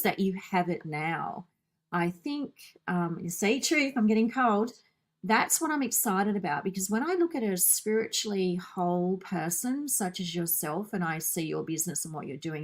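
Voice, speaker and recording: Brief: woman podcast host, slightly low voice, earnest and flowing, repeats herself for emphasis. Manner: earnest, long flowing turns with repeated phrases. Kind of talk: casual conversational interview.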